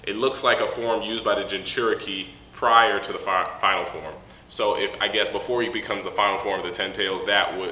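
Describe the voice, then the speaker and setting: A man with a low, pushed, bright voice casually reviews a manga chapter into a camera mic. He rambles and laughs through profane asides, and the room sounds echoey with faint noise.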